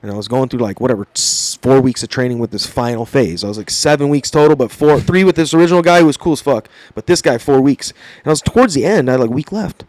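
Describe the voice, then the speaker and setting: A man's voice: medium pitch, quick pace, a little mellow, dry recording. A young man, a podcast guest, telling a rambling, profanity-laced story in casual chat.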